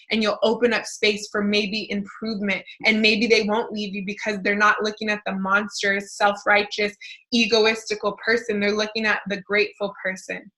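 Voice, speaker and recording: A woman's voice: mid-range voice, pushed and bright, poor audio. A woman in her thirties giving a casual motivational talk as a life coach, chatty with many fillers and restarts.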